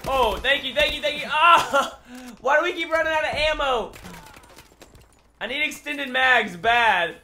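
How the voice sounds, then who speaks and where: A young man giving excitable, trash-talking commentary over his own gameplay, often laughing. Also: extremely high pitch, moderate pace, slight background noise. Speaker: gaming YouTuber.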